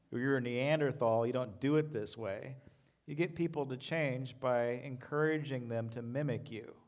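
Male pastor, conversational sermon, self-deprecating humor, mid-range voice. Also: mid-range voice. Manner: relaxed, conversational preaching with humor.

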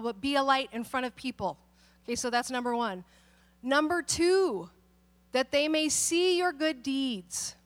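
High-voiced woman preaching in a chatty way. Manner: animated storytelling, acts out quoted people. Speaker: pastor. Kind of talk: conversational sermon.

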